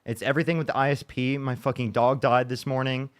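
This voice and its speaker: A man's voice: medium pitch, flat delivery, fast talker. A man hosting a livestream, talking casually and frustrated, swearing and restarting his sentences. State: upset after a bad day. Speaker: livestream debate host.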